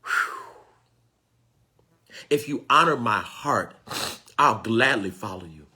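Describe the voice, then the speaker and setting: Fervent husky-voiced male preacher. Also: lowish voice, animated, moderate pace, pauses often, pushed and bright. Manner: preacherly call-and-response, exclaiming and pleading to God; repeats phrases for emphasis. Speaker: spiritual teacher. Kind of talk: fervent sermon-style teaching.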